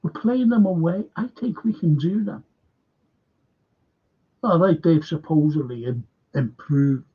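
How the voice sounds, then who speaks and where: A man's voice: a little high, measured pace, long pauses, breathy edge, phone-quality sound. A man with a Liverpool accent hosting a casual live stream, chatting and reading out viewer comments. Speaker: fan channel host.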